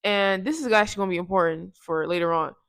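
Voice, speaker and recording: A woman recaps a movie for her review channel, rambling in slang, restarting herself with corrections, and laughing. Her voice is fairly low, fast, and a bit bright, recorded with no echo.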